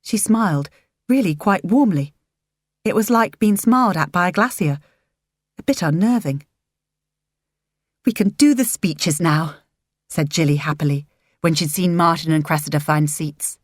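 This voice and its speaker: A woman reads a story aloud in a low, gentle and measured voice. She speaks close to the mic, and the sound is dry. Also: dry recording. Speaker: narrator. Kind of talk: audiobook narration.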